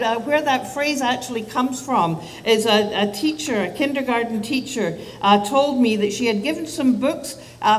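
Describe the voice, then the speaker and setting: A woman's voice: fairly high pitch, in a large hall. Woman, 50s, child psychiatrist, public talk, chatty asides, distant mic, faint background noise. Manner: chatty and self-deprecating, with asides and restarts. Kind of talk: public talk to parents and teachers. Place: event hall.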